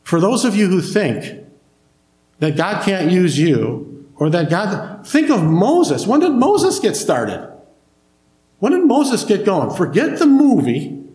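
A man's voice: high voice, big pitch swings, slow, darkish tone, reverberant. Man preaching a conversational sermon. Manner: conversational preaching, asks the congregation questions. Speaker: pastor.

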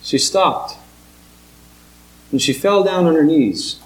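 Male preacher, earnest and emphatic, slow pauses, somewhat higher voice, roomy sanctuary sound. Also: expressive. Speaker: pastor. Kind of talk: sermon. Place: church sanctuary. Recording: echoey church room.

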